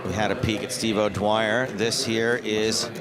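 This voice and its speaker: Jokey male poker commentator, slow. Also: lowish voice, level tone, over a noisy crowd. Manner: playful, jokey, silly asides.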